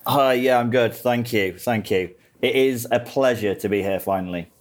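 A man's voice: mid-range voice, moderate pace. A man with a faded Grimsby accent, a guest in a casual podcast chat, laid-back and self-mocking. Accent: Grimsby, Lincolnshire English, diluted. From England.

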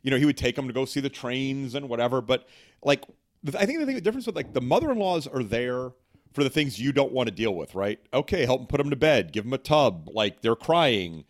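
A man's voice: medium pitch, big pitch swings, fairly quick. Rambling middle-aged man, jokey guest. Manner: rambling with many fillers, jokey. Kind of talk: casual chat.

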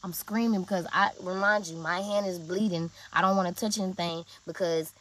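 A woman's voice: fairly low pitch, steady tone, fairly quick, hardly any pauses, fairly bright tone. A young woman telling her viewers a story in a casual, blunt and profane way, with lots of emphasis.

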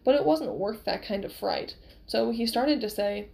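A woman reading a novel aloud with expressive storytelling. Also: fairly high pitch, normal speed, vocal fry, poor audio. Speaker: reader.

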